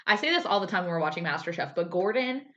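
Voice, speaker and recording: On a casual podcast, this co-host talks fast in a lowish voice while animatedly recounting a TV episode. She tells it like a storyteller, raising her voice to act out the quotes. The audio has a slightly dull, lo-fi quality.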